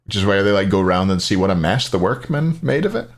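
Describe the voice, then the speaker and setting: A man's voice: low-pitched, expressive, fast talker. A Scottish man casting a live esports match, joking and chatting with viewers between plays. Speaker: esports caster.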